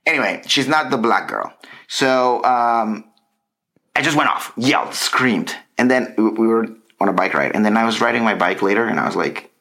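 A man's voice: on the low side, moderate pace, creaky. A middle-aged man co-hosting a casual chat, ranting and mocking himself. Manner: ranting, self-mocking, animated. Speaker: podcast co-host.

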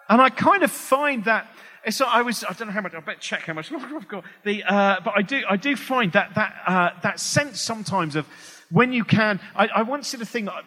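A man's voice: fairly high pitch, bright, forceful tone, big-room sound. A male English comedian talking to a live audience on stage, rambling and self-deprecating with many restarts. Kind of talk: stand-up style talk to a live audience.

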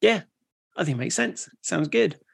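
Man with a gravelly, higher voice. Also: lively intonation, moderate pace, fairly bright tone. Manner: rambling, with frequent restarts. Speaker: podcast co-host. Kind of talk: casual educational chat.

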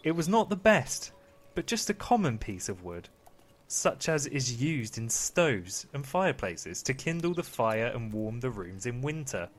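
A man's voice: mid-range voice, a bit bright. Playful man reading a bedtime story. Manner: mock-fatherly, giggly. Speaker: podcast co-host.

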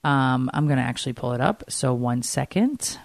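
A woman's voice: a bass voice, animated, normal speed, vocal fry, darkish tone, no echo. A woman co-hosting a podcast in casual chat, candid and chatty, swearing freely and filling her talk with "like.". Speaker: podcast co-host.

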